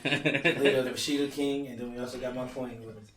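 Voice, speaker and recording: A man's voice: mid-range voice, steady tone, quick pace, a bit bright, recorded from a distance, a little hiss or hum. A man with a Texan accent, a wrestler guest on a podcast, boastful and rambling as he lists names. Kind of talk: casual podcast chat. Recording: roomy, from off-mic.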